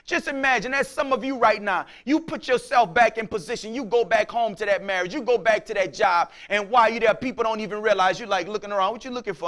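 A man preaching a sermon as pastor, casual in speech, acting out his listeners' voices and swinging from quiet talk to shouts. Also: sits high, animated, fairly quick, hardly any pauses.

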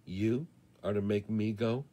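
A man voicing a cold, soft-spoken male gunman who talks quietly and evenly in a deep, slow voice. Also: steady tone, lightly acted. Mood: questioning. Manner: quiet, low and measured.

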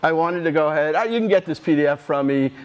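A man in his sixties speaks from a conference stage, his voice sitting a bit higher than most men's. He rambles through his stories with restarts and quick asides, animated and unpolished. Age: 60s. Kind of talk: storytelling conference talk.

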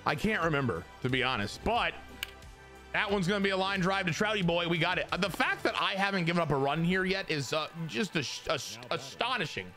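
A young man giving excitable live commentary on his own baseball video game, jumping from loud hype to muttered grumbles. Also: high-pitched, brisk, faint music behind. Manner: excitable, swings from hyped shouting to muttered grumbling. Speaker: gaming YouTuber.

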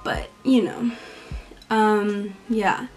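A woman's voice: mid-range voice, steady tone, very slow, faint music behind. A young woman, a college student, chatting casually in a Q&A vlog, talking a lot, filling her speech with "like", giggling and acting out the voices of people she quotes. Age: young adult. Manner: talkative, fills every phrase with "like". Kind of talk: casual Q&A chat.

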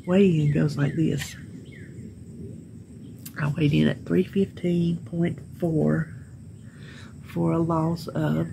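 A woman's voice: low voice, vocal fry, background noise. A middle-aged woman with a Southern American accent, chatting to camera on her porch and laughing often as she tells stories. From Southern United States. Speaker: weight-loss vlogger. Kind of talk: casual chat to camera. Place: home porch, outdoors. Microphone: phone camera.

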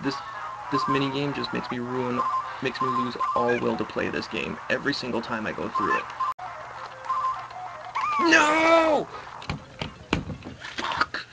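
A man's voice: medium pitch, a little fast, gravelly, low-quality recording. A man hosting a let's play video, giving gameplay commentary and swearing and ranting at the game. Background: game music.

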